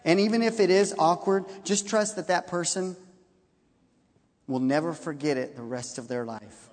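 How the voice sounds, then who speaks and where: A man preaching a sermon, telling a story with lively energy and acting out the characters' lines. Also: a little high, normal speed. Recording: long hall reverb.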